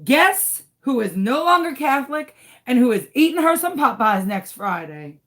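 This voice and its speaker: A woman's voice: high voice, big pitch swings, normal speed, a bit bright. A woman telling a story to camera in a dramatic, exasperated way. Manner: dramatic, exasperated, swings into shrieks. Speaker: crafting channel host.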